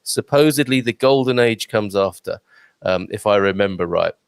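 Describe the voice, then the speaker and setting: A man's voice: lowish voice, moderate pace, creaky, clean tone, no room sound. A male host chatting casually on a live show, upbeat, with lots of fillers and restarts as he reads out viewer comments. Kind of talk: casual live-stream chat.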